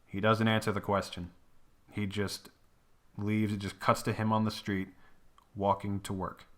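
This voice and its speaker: A young man hosts a casual solo movie rant, rambling, swearing, and laughing often between his complaints, sometimes breaking into exaggerated impressions. His voice is lowish and measured, with little pitch movement.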